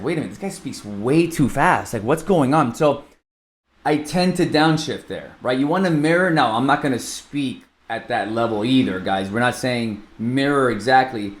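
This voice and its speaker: Fast-talking man with animated delivery. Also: medium pitch. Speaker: podcast co-host and real estate coach. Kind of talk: casual podcast chat. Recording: echoey room.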